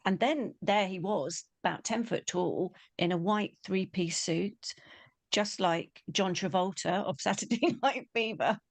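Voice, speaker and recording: A woman's voice: medium pitch, a little slow, no room sound. Woman telling a story. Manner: animated, acts out the quoted voices. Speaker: spiritual teacher. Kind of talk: personal storytelling.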